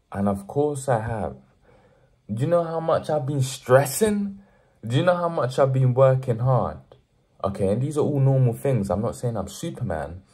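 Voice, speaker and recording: With a mid-range, darkish voice, a young man delivers an earnest motivational vlog directly to the camera, preaching hard work and building up to emphatic pushes.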